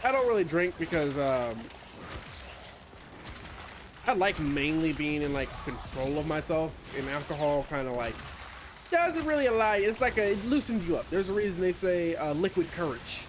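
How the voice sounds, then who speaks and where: A man's voice: fairly high pitch, moderate pace. Rambling, profane male game streamer. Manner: rambling, profane, self-deprecating. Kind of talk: casual gaming stream chat. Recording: steady background noise.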